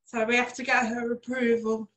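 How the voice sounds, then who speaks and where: A young woman answering interview questions in short, plain, unhurried sentences. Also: on the high side, level tone, a bit bright, poor audio. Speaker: interview guest.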